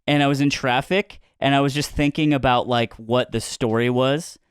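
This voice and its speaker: A man's voice: medium pitch, steady tone, normal speed, clean tone, no echo. A man co-hosting a comedic podcast, spinning a rambling mock-news story and laughing through his own lines, on a close mic. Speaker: podcast co-host. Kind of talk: casual comedic podcast chat.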